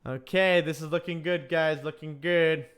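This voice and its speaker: A high, smooth male voice talking casually to his audience during a live stream. He jokes, ribs himself and laughs easily while he runs through the session. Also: steady tone, moderate pace, fairly bright tone. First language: English. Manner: chatty, joking, laughs at himself.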